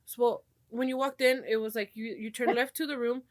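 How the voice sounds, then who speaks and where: A woman's voice: on the high side, steady tone, brisk, slight background noise. A young woman hosting a podcast, telling stories in loose casual chat, swearing freely and slipping into Spanish. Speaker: podcast host.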